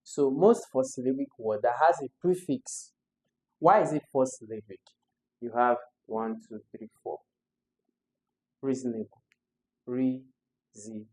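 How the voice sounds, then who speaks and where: A man's voice: mid-range voice, unhurried, long pauses, darkish tone, rough recording. A man, tutoring students through English exam questions step by step and repeating the key words.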